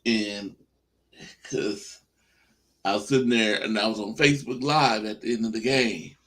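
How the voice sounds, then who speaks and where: Animated male storyteller. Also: on the low side, a little slow. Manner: animated storyteller, acts out dialogue. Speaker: teacher, guest. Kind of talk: casual storytelling chat.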